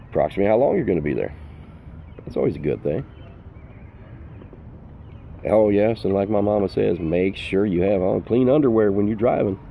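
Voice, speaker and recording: Deep gravelly older man giving advice. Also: dark tone, a little hiss or hum. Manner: earnest, repetitive, emphatic. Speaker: full-time RV vlogger. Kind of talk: casual outdoor vlog advice. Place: outdoors in the sun.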